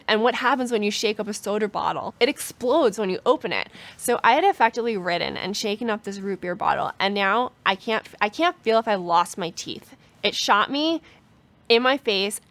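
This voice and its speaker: A woman's voice: mid-range voice, no echo. Chatty young woman telling a story. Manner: chatty, animated, heavy use of "like". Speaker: cyclist telling a bikepacking story. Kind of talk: casual storytelling.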